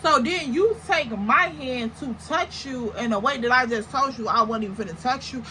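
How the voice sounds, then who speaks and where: At normal speed, a young woman vlogger tells a storytime to camera, animated and slangy, piling on exaggerated comparisons. Her voice is bright and a little high, and the rough recording has a faint hiss in the background.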